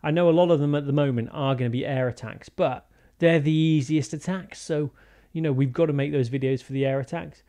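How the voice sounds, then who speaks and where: A fairly high-voiced man talks through a strategy game attack in a relaxed, chatty way. He drifts into deadpan silly tangents and then comes back to the play-by-play. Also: brisk. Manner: chatty, jokey, rambling asides. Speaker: gaming YouTuber. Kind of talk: casual gameplay commentary.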